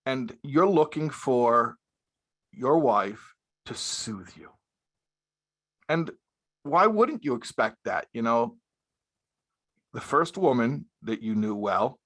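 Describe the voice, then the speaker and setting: A male rabbi delivering a spoken lecture. He presses his points by repeating them and sprinkles in Hebrew and Yiddish terms. His voice sits at an everyday middle pitch. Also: a bit bright. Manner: emphatic, repeats key phrases, uses Hebrew and Yiddish terms. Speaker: rabbi lecturing young married men. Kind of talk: spoken sermon-style lecture.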